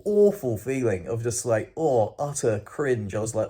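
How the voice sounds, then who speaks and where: A man recounting his week to camera in a casual vlog, expressive and swearing freely, acting out what people said. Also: mid-range voice, takes it slowly, pauses often, background noise. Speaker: vlogger.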